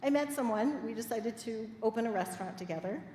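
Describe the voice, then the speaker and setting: A middle-aged woman minister preaching a sermon, telling personal stories in a lively, playful way and laughing with the congregation. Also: on the high side, quick pace. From Midwest United States. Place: church sanctuary. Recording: echoey hall with faint room noise.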